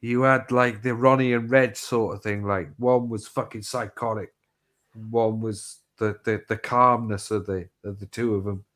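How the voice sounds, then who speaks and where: A man's voice: fairly low pitch, fairly even intonation, normal speed, a bit bright. Rambling, swearing middle-aged Englishman. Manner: swears freely, rambling storytelling with restarts. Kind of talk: casual chat.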